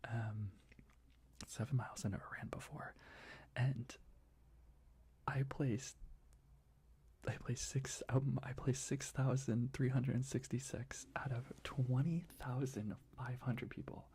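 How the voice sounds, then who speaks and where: A young man talking in a soft, rambling ASMR whisper, full of restarts, as he shares life updates. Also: mid-range voice, steady tone, takes it slowly, pauses often, breathy edge. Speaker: ASMR creator.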